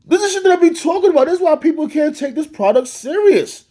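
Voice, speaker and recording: A man's voice: extremely high pitch, quick pace. A man giving a profane, exasperated rant reviewing a wrestling match. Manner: animated, swearing, exasperated.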